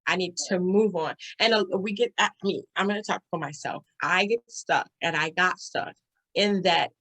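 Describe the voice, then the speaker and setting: A woman hosting a podcast interview, talking in an animated, chatty way with quick bursts and frequent laughs. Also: lowish voice. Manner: animated, talks fast, laughs often. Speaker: podcast host. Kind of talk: casual interview chat.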